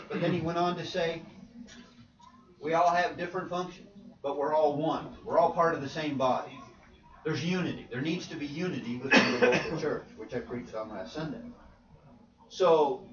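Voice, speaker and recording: A man preaching to a church class, asking questions and repeating points for emphasis. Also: fairly high pitch. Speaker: preacher leading a Bible class. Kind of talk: interactive Bible teaching. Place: church meeting room. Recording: roomy, distant, dull sound.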